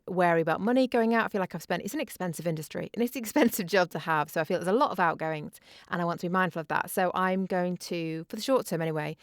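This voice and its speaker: A young woman co-hosting a podcast, thinking out loud in an earnest, measured way. Her voice sits lower than most women's. The recording is dry and close-miked. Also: no room sound. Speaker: podcast co-host, voice actor. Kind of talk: casual podcast chat.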